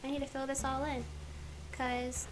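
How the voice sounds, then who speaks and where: A woman's voice: high-pitched, level tone, normal speed. A woman streaming a life-sim game, chatting casually and playfully while she plays and talks to the characters.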